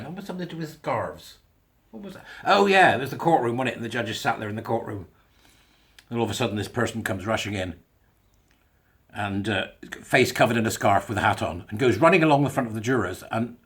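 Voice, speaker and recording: A man's voice: mid-range voice, fairly bright tone. A man giving casual, mocking solo commentary, chuckling through chatty asides. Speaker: online commentator.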